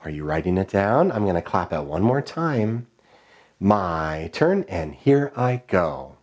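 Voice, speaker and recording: A man teaching a children's music lesson, his voice leaping up into a sing-song for the rhythm chants. He speaks slowly and deliberately, with very animated intonation and warm encouragement. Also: sits low, slight background noise. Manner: clear, encouraging classroom call-and-response.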